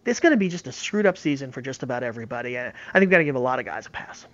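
A man's voice: mid-range voice, expressive, very fast, a bit bright, no echo, dull audio. A man giving emphatic, opinionated baseball analysis in casual sports talk, often repeating words as he talks.

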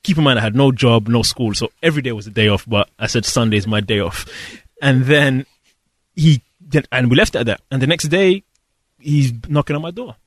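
A man's voice: medium pitch, no echo. Earnest man telling his story. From London, England. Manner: earnest, reflective, pauses and restarts. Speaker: guest. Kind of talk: personal storytelling in an interview.

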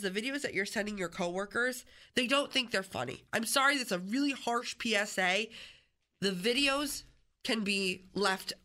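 Woman radio host, studio mic, animated chatty storytelling, bright tone. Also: fairly high pitch. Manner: animated storytelling, frequent restarts. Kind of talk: casual on-air chat.

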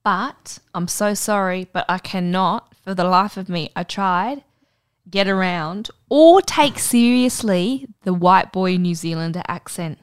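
Young aussie woman on a podcast, blunt and sweary, really animated storytelling. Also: fairly low pitch, measured pace, smooth. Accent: Australian. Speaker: podcast co-host. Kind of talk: casual chat.

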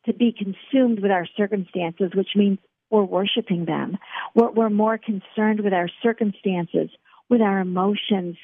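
A woman's voice: mid-range voice, no room sound. A middle-aged woman guest on a faith radio interview, speaking earnestly and encouragingly to the host. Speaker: author and guest. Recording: tinny phone line.

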